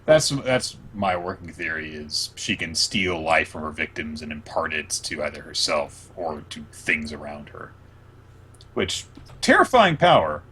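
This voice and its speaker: A man hosting a podcast, chatting casually and recapping comics in an animated way with plenty of fillers. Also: very deep voice, measured pace, a little hiss or hum. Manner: animated, retelling scenes with lots of fillers. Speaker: podcast host. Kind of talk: casual manga recap chat.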